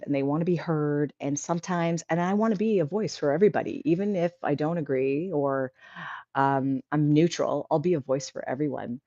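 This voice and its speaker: Low-voiced woman on a livestream, earnest pep talk, kinda rambly, dry dull audio. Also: dark tone, no room sound. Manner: earnest, encouraging, rambling with restarts. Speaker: livestream host. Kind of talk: casual livestream chat, reading comments.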